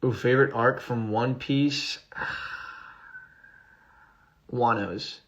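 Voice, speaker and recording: A man answers fan questions on a phone livestream, reading each one out before replying. His voice sits in a middle range with a gravelly fry at the bottom. He talks loosely, with plenty of ums and restarts. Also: medium pitch, fairly even intonation, drawn-out words, a bit bright. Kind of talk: casual livestream Q&A.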